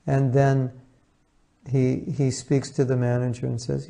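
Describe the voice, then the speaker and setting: A man's voice: medium pitch, completely flat delivery, unhurried, vocal fry, warm tone. A man giving an informal spiritual talk on relationships, conversational and acting out little dialogues as he tells stories. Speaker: spiritual teacher.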